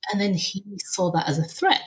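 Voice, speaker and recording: A woman, a podcast guest telling a personal story in conversation. She retells it lively, acting out what people said and often filling pauses with "um". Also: medium pitch. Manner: lively retelling, acting out quoted dialogue, frequent "um" and "I was like".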